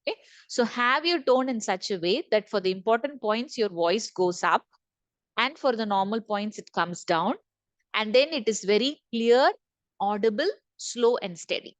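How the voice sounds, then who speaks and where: Woman corporate trainer, higher voice, repeats key points, video-call sound. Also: moderate pace, dry recording. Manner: repeats key points for emphasis, asks the group questions. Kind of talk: online training session.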